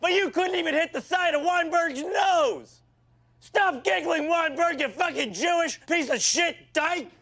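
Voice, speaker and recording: Ranting football coach, very high voice, gravelly, yelling, profane, berating. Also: male voice, measured pace, exaggerated voice. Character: foul-mouthed abusive male football coach. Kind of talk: comedic film rant.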